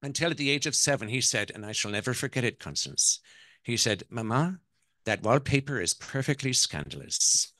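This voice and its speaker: A man's voice: mid-range voice, lively intonation, moderate pace, bright, forceful tone, no room sound, voice pushed up. A man doing a grand old Irish dowager. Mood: imperious. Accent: put-on Irish. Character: proud widowed Irish noblewoman, older, fierce.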